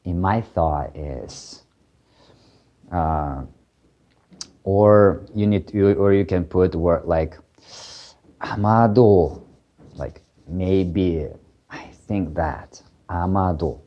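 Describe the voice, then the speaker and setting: A man explaining grammar in a casual lesson, hesitating often with fillers and restarts, then rattling off quick example phrases. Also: deep voice, lo-fi sound. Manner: halting, many fillers and restarts, switching into quick Korean examples. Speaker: Korean language teacher.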